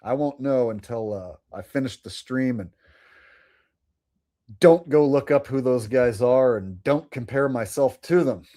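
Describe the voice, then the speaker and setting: A man's voice: mid-range voice, measured pace, dark tone. A man hosting a livestream, chatting casually with viewers in a rambling way, laughing and swearing now and then. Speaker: livestream host.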